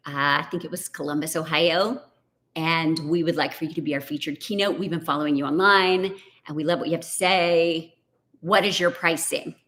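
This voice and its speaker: A middle-aged woman, a business coach telling a chatty, animated story to a live online audience. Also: lowish voice. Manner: chatty, animated, says "y'all" and "like".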